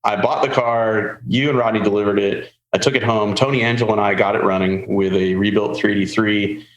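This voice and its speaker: A man hosting a podcast, telling a long car story in a casual, animated way and acting out the people he quotes. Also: lowish voice, a little fast, muffled recording. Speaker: podcast host. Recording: roomy with faint ambient noise.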